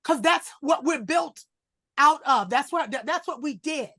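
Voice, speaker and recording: A woman's voice: high voice, lively intonation, measured pace, sharp tone, dry recording, clean studio sound. A woman giving emotional, fervent testimony in a faith group question-and-answer session. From United States. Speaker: group member.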